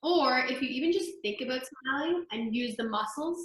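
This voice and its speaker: Young female voice coach, high bright chatty delivery, very echoey room on a laptop mic, faint piano. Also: lively intonation, normal speed. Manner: chatty, upbeat, filler-heavy, sings exercises. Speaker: voice teacher. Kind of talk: online group voice lesson. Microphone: laptop microphone.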